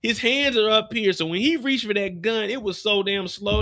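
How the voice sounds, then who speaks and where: A man's voice: high voice, moderate pace, hardly any pauses. A man hosting a live after show, recapping an episode casually and acting out the characters' lines as he goes. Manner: animated storyteller, acts out characters' lines.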